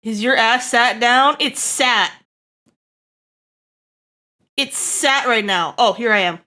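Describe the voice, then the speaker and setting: A woman streaming live, chatting to her viewers in an excitable, giggly way. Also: fairly high pitch, slow pace. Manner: excitable, giggly, talks straight to chat.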